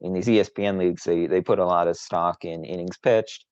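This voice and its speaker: A man's voice: low-pitched, fairly even intonation, fairly quick, darkish tone, dry recording, dull audio. A man co-hosting a casual sports podcast, boastful and teasing, rambling with frequent restarts. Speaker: podcast co-host.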